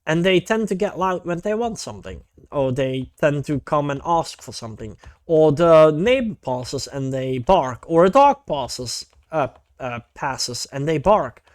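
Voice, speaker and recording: A man's voice: on the high side, expressive, measured pace, no room sound, clean studio sound. A man streaming, chatting casually and animatedly about online drama, swearing freely and saying "mate".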